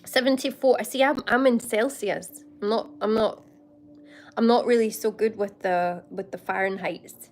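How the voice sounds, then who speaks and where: A woman's voice: a little high, fairly even intonation, unhurried, darkish tone. A Scottish woman hosting a casual livestream, bubbly and laughing often as she chats to viewers by name. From Scotland. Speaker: livestream host. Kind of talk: casual live chat with viewers.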